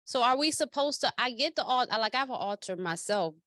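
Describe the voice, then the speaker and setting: Female host, a bit high-pitched, halting questions, dry close recording. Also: expressive, a bit bright, dry recording. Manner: hesitant, searching for words. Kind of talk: casual interview conversation.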